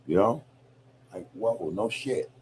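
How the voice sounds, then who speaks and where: A man's voice: on the low side, lively intonation, takes it slowly, darkish tone, a little hiss or hum. A man hosting a podcast, talking in a reflective, loose, profane way, peppered with "you know, man". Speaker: podcast host. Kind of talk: casual podcast monologue.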